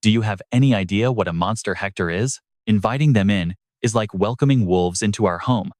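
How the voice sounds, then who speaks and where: Male narrator voicing a fearful captive young woman, urgent and pleading, low dry read. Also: a little fast, a little mellow, no room sound, natural voice. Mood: alarmed.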